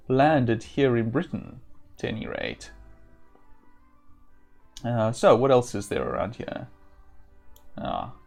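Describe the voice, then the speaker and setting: A man with a gravelly, creaky voice talks through a live-streamed playthrough of an old role-playing game. He muses aloud, hesitates with fillers and reads game text at a mid pitch. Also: a little mellow. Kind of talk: live-stream gameplay commentary.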